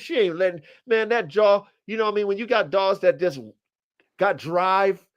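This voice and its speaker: Profane, animated man telling stories. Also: sits high. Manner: profane, rambling, animated storytelling. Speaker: podcast host. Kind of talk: casual storytelling on a livestream podcast.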